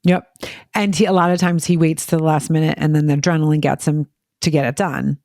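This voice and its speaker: A woman chatting casually as a parent on a podcast, telling quick, filler-heavy stories and acting out what people said. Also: deep voice, fairly even intonation, a little mellow, no room sound, studio quality. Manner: rapid, filler-heavy storytelling, acting out quoted voices. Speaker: parent guest.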